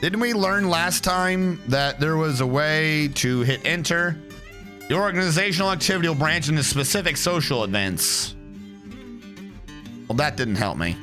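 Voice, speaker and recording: A man's voice: on the high side, lively intonation, moderate pace, bright, forceful tone, soft background music. A man casually commenting on his game as he plays, reading its text aloud with sarcastic, swearing asides. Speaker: streamer playing a strategy game. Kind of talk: casual let's play commentary.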